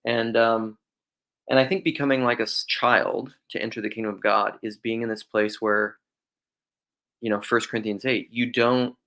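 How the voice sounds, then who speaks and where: A man's voice: on the low side, steady tone, normal speed, a bit bright. A young man from Western South Dakota with a faint drawl, musing aloud in a rambling casual theological monologue, often restarting his sentences. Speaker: podcast host.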